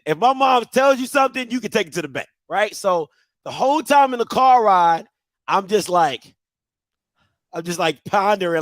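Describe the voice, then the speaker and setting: A man's voice: high voice, animated, moderate pace, a bit bright, no echo. A young man telling a childhood story on a talk show, acting out his younger self with screams and laughter. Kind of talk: animated storytelling.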